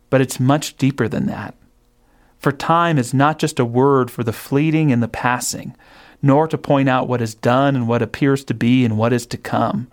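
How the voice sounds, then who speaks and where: Male narrator for reflective spiritual talk, thoughtful and questioning, mid-range voice. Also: mid-range voice. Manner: thoughtful, asks rhetorical questions.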